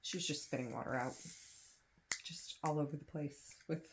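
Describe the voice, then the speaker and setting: Young woman, low voice, casual crafting chat, rambling, self-deprecating, noisy background. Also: steady tone, moderate pace. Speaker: crafting vlogger. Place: home, kids in another room.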